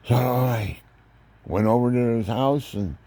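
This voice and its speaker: A man's voice: mid-range voice, takes it slowly. An older man talking casually about faith and family, rambling and preachy as he tells his stories. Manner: rambling, preachy, animated storytelling. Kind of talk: casual religious monologue.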